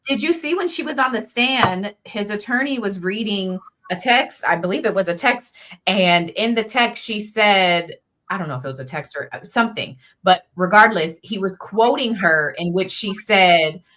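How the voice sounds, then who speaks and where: A woman guest chatting casually about a trial over a video call, animated and candid in her reactions. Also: medium pitch, moderate pace. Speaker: guest commentator.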